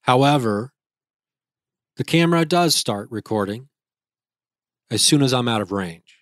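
A man's voice: mid-range voice, lively intonation, a little slow, no echo, clean studio sound. A young man, a guest, retelling a frightening experience in a vivid, casual way with restarts. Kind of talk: casual storytelling.

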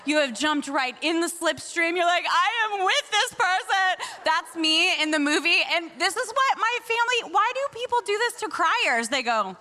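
Bright, high-voiced woman preacher. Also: moderate pace, hardly any pauses. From Washington State, US. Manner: expressive, emotional, chatty. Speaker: guest speaker at a church. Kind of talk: prayer and sermon talk. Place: church service.

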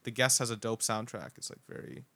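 A man's voice: mid-range voice, sing-song, brisk, gravelly, sharp tone, dry recording. A young man hosting a podcast, talking in a laid-back, casual way with lots of fillers and swearing. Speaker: podcast host. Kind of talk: casual chat.

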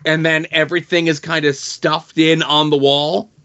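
Man, podcast co-host, somewhat high voice, quick emphatic chat, slightly muffled audio. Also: flat delivery, fairly bright tone. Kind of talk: casual comic book discussion.

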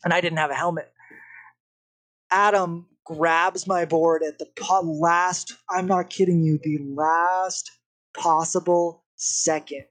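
A young man, a podcast guest, telling a story in a casual, animated way. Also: a little high, slow pace. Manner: animated, vivid retelling with acted-out quotes.

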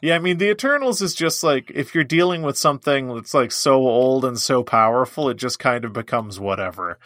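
A male podcast co-host talking casually about movies in a joking, rambling way. His voice sits at an ordinary middle pitch. The recording is dry and close. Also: animated, fairly quick, fairly bright tone, no room sound.

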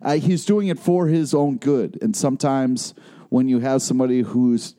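A man's voice: medium pitch, moderate pace, dark tone. A man co-hosting a podcast, gushing with enthusiasm as he recaps a TV episode in casual chat. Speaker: podcast co-host.

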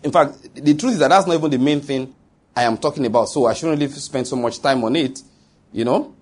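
A man's voice: mid-range voice, fairly quick, darkish tone. A middle-aged Nigerian man, a pastor preaching a sermon with emphasis and quizzing his congregation. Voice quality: husky.

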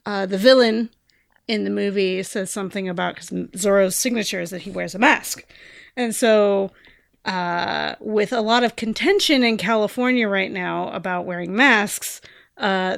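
A woman's voice: fairly high pitch, vocal fry, no room sound, studio quality. A woman co-hosting a podcast, chatting casually in a rambling way, with lots of fillers and sentences that trail off. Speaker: podcast co-host.

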